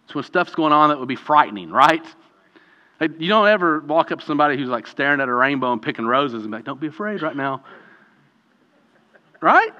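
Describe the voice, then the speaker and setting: A man's voice: a little high, animated, fast, sharp tone. A man leading a group Bible study in an informal, conversational way, putting questions to the group. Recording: dull lo-fi audio with long room reverb.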